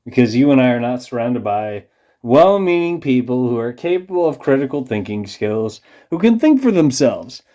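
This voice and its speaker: A man's voice: mid-range voice, sing-song, moderate pace, warm tone. A man ranting in a rambling, profane, conspiratorial monologue to camera, a little tipsy from beer. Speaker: vlogger.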